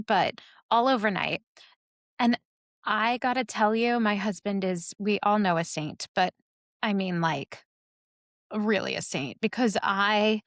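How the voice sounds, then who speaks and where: A woman co-hosting a casual podcast, talking in a rambling way with plenty of fillers and easy laughs. Her voice sits at a middle pitch, recorded dry and close. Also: dry recording. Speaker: podcast co-host. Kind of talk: casual chat.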